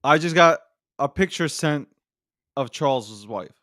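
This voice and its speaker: A man with a high, lively voice that jumps all over the place, talking in a blunt, profane and excitable way. He is casual-chat hosting, and the sound is close and dry with no room around it. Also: measured pace, no echo. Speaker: podcast host.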